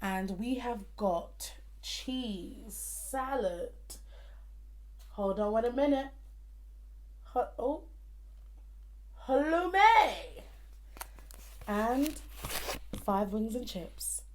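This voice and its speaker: A woman's voice: on the high side, very slow, long pauses, a little mellow. A young woman chatting playfully to her viewers between bites of food during a casual mukbang. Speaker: vlogger.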